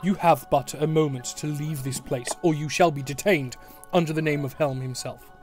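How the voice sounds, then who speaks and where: A man's voice: fairly high pitch, fairly even intonation, a little mellow, soft background music, natural voice. A man doing a stern formal temple guard. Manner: formal, stern, slow and measured. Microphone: online voice call.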